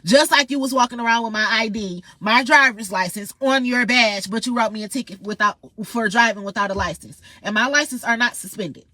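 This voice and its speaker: A woman's voice: on the high side, a little fast, hardly any pauses, pushed and bright, no echo. A woman ranting in a heated, profane, confrontational monologue straight to her viewers. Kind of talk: angry monologue vlog.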